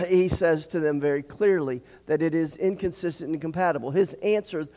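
Man, pastor, sermon, earnest, repeats himself, throat clearing, fairly high voice. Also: moderate pace, darkish tone. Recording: long hall reverb.

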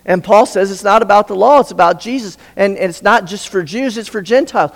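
A male pastor preaches in a storytelling manner, stopping to put questions to his listeners. His voice is fairly high and gravelly. The sound rings with a long reverb from a large hall. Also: brisk, few pauses. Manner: storytelling, asks the audience questions. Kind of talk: sermon.

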